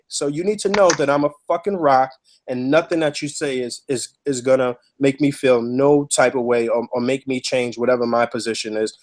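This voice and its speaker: A man's voice: mid-range voice, fairly even intonation, moderate pace, darkish tone. A man hosting a podcast, telling a story in a heated, emphatic, profane way. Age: adult with a child. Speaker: podcast host.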